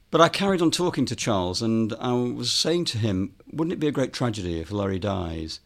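A man's voice: mid-range voice, sing-song, moderate pace, hardly any pauses, a bit bright. A man, a filmmaker and author, telling a story in an interview, with lots of ums and quoted dialogue.

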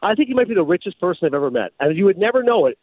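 Animated man with a tinny, phone-like sound. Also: sits high, rapid-fire, no room sound. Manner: animated storyteller, slips into announcer voice. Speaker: podcast host and former sportscaster. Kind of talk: casual chat.

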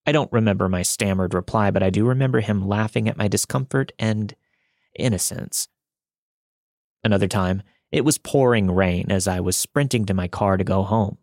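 A man with a low voice narrates true creepy encounters in a steady, measured way. The sound is dry and close, with no room around it. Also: dry recording. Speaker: podcast narrator reading listener stories. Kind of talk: scripted narration.

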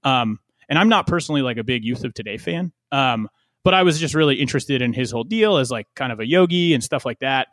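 A man's voice: medium pitch, lively intonation, fast talker, a bit bright, no room sound, clean studio sound. A man in casual conversation, talking in a loose, rambling way with many fillers and restarts.

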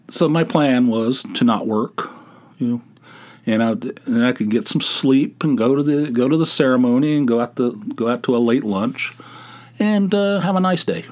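A middle-aged man hosting a podcast, telling a rambling, self-deprecating story in a casual solo monologue and acting out the voices of people he quotes. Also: medium pitch. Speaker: podcast host.

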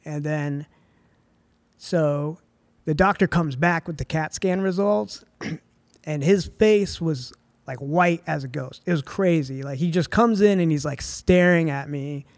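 A young man in his twenties, a film writer and director, telling a personal story in a relaxed, chatty way on a podcast. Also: a little high, measured pace, dry recording. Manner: relaxed and chatty, full of "like" and "dude". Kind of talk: casual storytelling in a podcast interview.

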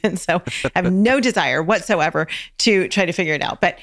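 A woman's voice: lowish voice, a little fast, few pauses, a bit bright. A middle-aged woman hosting an interview, chatting easily with her guest. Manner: friendly, laughs easily, chatty. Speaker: podcast host. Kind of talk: casual interview chat.

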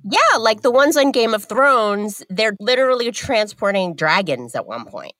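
A woman co-hosting a podcast, teasing her partner in a playful, animated way. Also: on the high side, normal speed, dry recording. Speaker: podcast co-host. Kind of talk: casual podcast chat.

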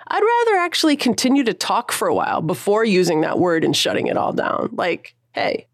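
A woman's voice: on the low side, gravelly, no echo, studio quality. A woman musician in her thirties, talking casually and thoughtfully in an interview, using slang and laughing often. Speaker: musician guest.

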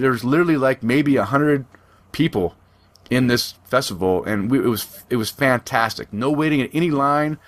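A middle-aged man chatting casually as a podcast co-host, rambling and conversational, often restarting his sentences. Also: medium pitch. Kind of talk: casual chat.

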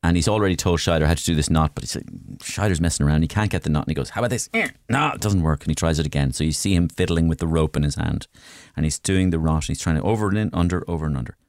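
A man chatting as a guest, an animated storyteller who acts out scenes with sound effects. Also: extremely low pitch, very fast, hardly any pauses, no room sound, clean studio sound. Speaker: guest, comedian and impressionist. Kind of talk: casual chat.

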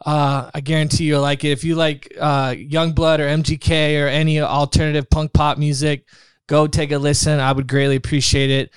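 Earnest man with a smooth, higher voice. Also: flat delivery, moderate pace, no echo. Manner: earnest, preachy pep talk, says "bro" a lot. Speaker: guest musician. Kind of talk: casual podcast chat. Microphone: studio mic.

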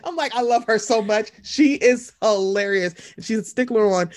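A woman's voice: normal speed, hardly any pauses, no echo, studio quality. A woman co-hosting a casual chat, telling stories and acting out what people said with big swings in her voice. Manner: animated, acts out quotes with big pitch jumps and laughs. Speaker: podcast co-host.

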